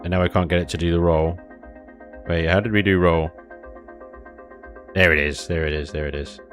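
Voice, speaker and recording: A man's voice: deep voice, steady tone, moderate pace, a bit bright, soft background music. A man streaming a space game, thinking aloud, chuckling often and chatting with his viewers. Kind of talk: casual live-stream chat while building in a game.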